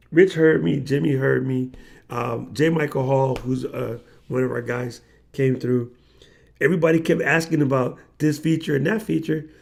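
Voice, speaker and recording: Man, livestream host, gravelly voice, middle pitch, casual slangy storytelling. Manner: animated slangy storyteller, acts out quoted voices.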